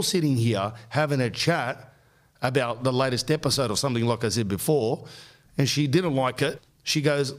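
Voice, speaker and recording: A man's voice: medium pitch, moderate pace. Exasperated middle-aged man telling a story. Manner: animated, exasperated ranting. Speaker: podcast host. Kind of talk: comic storytelling.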